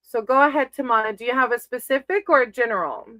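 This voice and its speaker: A woman reads tarot for her viewers in a chatty, affectionate way. She calls them sweetie and baby as she works through names on her list. Her voice is bright and sharp, recorded dry and close. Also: on the high side, fast talker, no echo, rough recording. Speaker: tarot reader on a live stream. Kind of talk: casual live-stream tarot reading.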